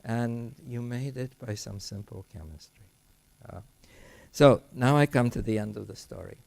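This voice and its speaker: A man's voice: mid-range voice, normal speed, gravelly, darkish tone. An older man giving an academic lecture, thoughtful and digressive, often restarting his sentences. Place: lecture hall.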